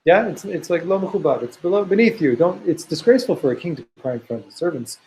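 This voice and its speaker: In a classroom, a man teaches students a Torah class, reading Hebrew text aloud, explaining it thoughtfully, and repeating words as he works through ideas. His slightly high, dark voice is very animated and fast. The audio is poor, with a little hiss or hum.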